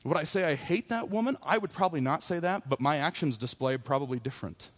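A man's voice: a little high, expressive, fast talker. A man in his thirties, a pastor, preaching a sermon in a candid, conversational storytelling way. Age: 30s.

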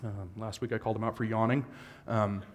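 A man's voice: lowish voice, flat delivery, a little fast, in a large hall. A man preaching a sermon as a pastor, moving from easygoing asides to fervent, rising exhortation. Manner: builds from conversational to impassioned shouting.

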